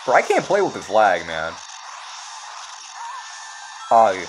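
A young man commentating casually on a handheld game as he plays, excitable and quick to exclaim. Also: lowish voice, noisy background. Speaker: let's play gamer.

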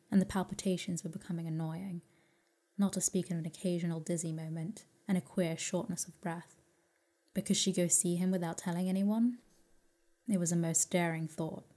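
Mellow-voiced woman reading a sleep story. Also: fairly low pitch. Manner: calm, gentle, slow reading. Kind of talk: soft sleep story narration.

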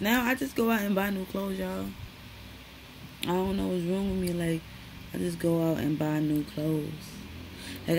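A young woman, chatting to camera in her small bedroom, slangy and animated as she tells stories. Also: lowish voice, vocal fry, a little hiss or hum, rough recording. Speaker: vlogger. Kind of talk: casual chat to camera.

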